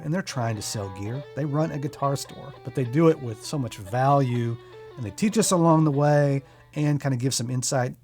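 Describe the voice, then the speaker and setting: A man hosting a music channel, talking casually and enthusiastically about creators he recommends, with quick self-deprecating asides. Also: medium pitch, a little mellow. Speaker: music YouTuber and host.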